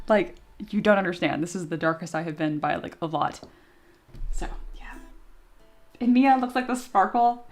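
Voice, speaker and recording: A young woman streams from her desk mic, chatting loosely with her viewers. She laughs easily, pokes fun at herself and swears without a second thought. Soft music plays faintly underneath. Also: lowish voice, expressive, moderate pace, long pauses. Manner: giggly, self-mocking, swears freely. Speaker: streamer and 3D sculptor. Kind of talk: casual live-stream chat.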